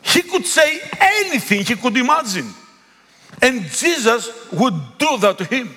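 A man whose first language is Greek, preaching a sermon in a church, pleading and rising to loud calls. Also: extremely high pitch, sing-song, measured pace. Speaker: pastor. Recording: long echo of a big hall.

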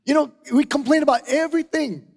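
Middle-aged man, high-voiced emphatic preacher, long hall echo. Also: a little fast, a little mellow. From Singapore. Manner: emphatic, repeats key phrases, asks "right?" and "okay?". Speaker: pastor. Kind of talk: sermon. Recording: hall reverb.

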